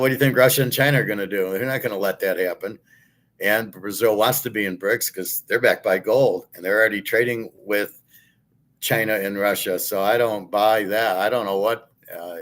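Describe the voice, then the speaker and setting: A man's voice: fairly low pitch, fairly bright tone. A middle-aged man hosting a show, ranting in blunt, profane, scornful commentary. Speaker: host.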